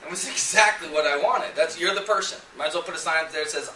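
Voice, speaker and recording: A high, bright-voiced man gives an animated seminar talk, getting fired up and firing questions at the room. He is picked up from a distance in an echoey seminar room, with a faint hum of ambience behind him. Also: fast, hardly any pauses. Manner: animated, gets fired up, quizzes the audience. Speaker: sales seminar presenter. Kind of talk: lively seminar talk to a live audience.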